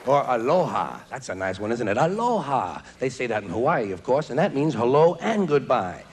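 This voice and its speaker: A man in his forties performing stand-up comedy in a large theater, with a wry, sardonic delivery and quick mock voices. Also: medium pitch, very animated, a faint crowd. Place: large theater stage before a live audience. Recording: live theater recording with audience noise.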